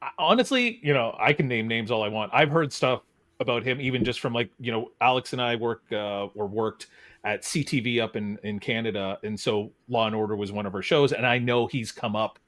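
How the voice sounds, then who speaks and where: A man's voice: medium pitch, fairly quick, a bit bright. A man hosting a podcast who chats casually and explains the rules of a game. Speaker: podcast host.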